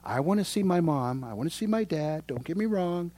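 A man preaching a sermon, swinging from loud proclamation to hushed whispers and speaking straight to his congregation. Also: on the high side, lively intonation, a little fast. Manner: addresses the congregation directly. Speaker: pastor.

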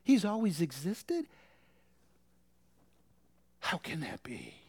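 A man preaching a sermon, asking the congregation rhetorical questions and swinging between forceful emphasis and hushed whispers. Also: on the high side, huge pitch swings, slow, slightly rough. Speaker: pastor.

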